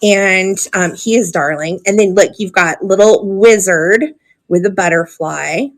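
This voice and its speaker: A woman's voice: medium pitch, measured pace. A woman hosting a live online auction stream, chatty and gushing, with frequent ums as she shows items. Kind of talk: live sale stream chat.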